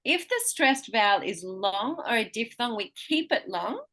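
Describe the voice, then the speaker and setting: A woman teaching pronunciation one-on-one, patiently modeling words slowly and clearly for her student. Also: fairly high pitch, sing-song, sharp tone.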